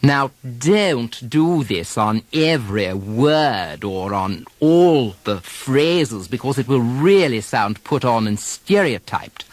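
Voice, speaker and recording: Guy coaching accents on a lesson tape, talks slow and deliberate, voice jumps around a lot. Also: mid-range voice, no echo. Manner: slow, deliberate instruction with modeled example sentences. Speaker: dialect coach.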